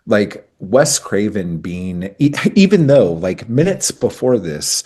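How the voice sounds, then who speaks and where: A man co-hosting a podcast in casual chat, telling stories in a profane, animated way. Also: lowish voice, slow, husky. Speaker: podcast co-host.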